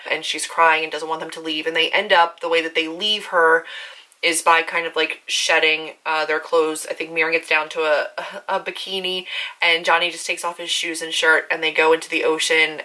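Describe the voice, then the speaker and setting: A woman's voice: deep voice, flat delivery, pushed and bright. A young woman book vlogger chatting casually and emotionally about a novel she reread. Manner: emotional, talks through tears and laughter about the book; chatty, fast filler-heavy talk. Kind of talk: casual book review vlog with read-aloud passages.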